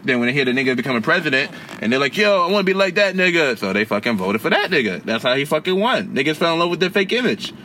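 Bright-voiced man telling profane stories. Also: medium pitch, very fast, few pauses. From Haiti. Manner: profane, animated storytelling. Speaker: podcast host. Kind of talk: casual chat.

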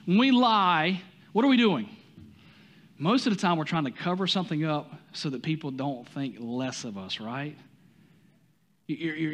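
A man with a Southern US accent preaching a sermon, talking to the congregation with many rhetorical questions and some stumbles. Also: fairly high pitch. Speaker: pastor.

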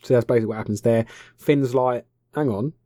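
Young guy with a warm, dry voice who rants sarcastically and swears through a film recap. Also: medium pitch, fairly even intonation, quick pace, no echo. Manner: sarcastic, swears freely, voices characters mockingly. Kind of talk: casual profane film recap.

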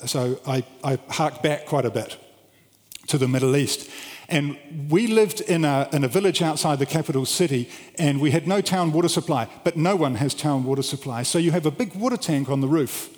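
A middle-aged man preaching to a live audience, telling his story with lively swings between loud, high bursts and quiet, low asides. His voice sits a little high for a man. It rings out with a long reverb through a large hall. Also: normal speed. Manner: animated storyteller with big swings in pitch and loudness. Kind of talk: storytelling sermon.

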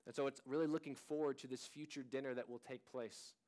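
A man in his thirties preaches to his congregation in a relaxed, conversational way. His voice sits at an ordinary middle pitch, and he talks earnestly, circling back and restarting phrases as he goes. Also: quick pace. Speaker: pastor. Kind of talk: sermon.

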